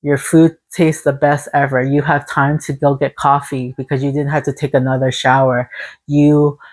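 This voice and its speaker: A woman's voice: extremely low pitch, flat delivery, normal speed, a little mellow. A woman giving a casual spiritual tarot reading to her viewers. She sounds encouraging and speaks in long, repetitive lists. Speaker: tarot reader.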